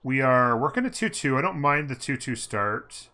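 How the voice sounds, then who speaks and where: A man's voice: medium pitch, sing-song, moderate pace, bright, forceful tone. A man giving upbeat, casual commentary on a strategy game, thinking aloud and humming as he plays. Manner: upbeat, thinking aloud, hums while playing. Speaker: gameplay commentator.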